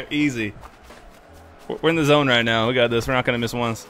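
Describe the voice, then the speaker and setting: A young man streaming a game live, excitable and swearing, swinging from loud outbursts to muttering. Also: mid-range voice, fairly quick, music in the background. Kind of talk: live-stream gaming chat.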